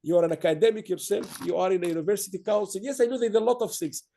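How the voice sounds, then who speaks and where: A man hosting an online awards ceremony. His voice sits high and is gravelly, with a dark, mellow tone. He rambles warmly through praise and stops to restart his sentences. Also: very fast, a little hiss or hum. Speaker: awards host.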